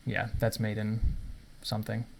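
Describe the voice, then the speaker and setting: A man's voice: on the low side, completely flat delivery, moderate pace, creaky. A man casually commenting on his own chess game, thinking aloud and chuckling at himself, recorded at home in his apartment. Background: faint rain noise.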